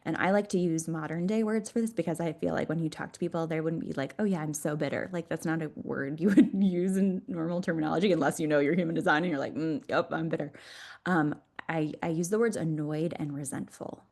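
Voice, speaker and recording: Low-voiced woman explaining with enthusiasm. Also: quick pace, gravelly, few pauses, darkish tone. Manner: enthusiastic, laughs often while explaining. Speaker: podcast guest, Human Design mentor. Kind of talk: conversational podcast interview.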